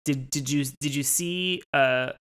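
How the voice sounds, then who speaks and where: A man's voice: on the high side, measured pace, fairly bright tone, clean tone. Rambling, laughing podcast co-host man. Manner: rambling, restarts, frequent laughter. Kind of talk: casual chat.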